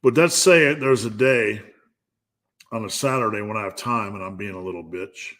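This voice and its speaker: A man's voice: lowish voice, moderate pace, fairly bright tone. A man hosting a live fitness Q&A, giving a blunt, profane pep talk. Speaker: fitness channel host.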